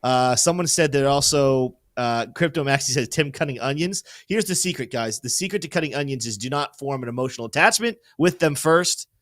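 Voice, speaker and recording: A male host giving casual crypto market commentary in an energetic, joking way, hyping his viewers. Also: mid-range voice, fairly quick, few pauses, no echo, clean studio sound. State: teary-eyed.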